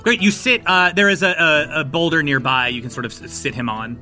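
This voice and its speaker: A man narrating as game master of a tabletop game in a loose, halting, joking way. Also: a little high, sharp tone, soft background music.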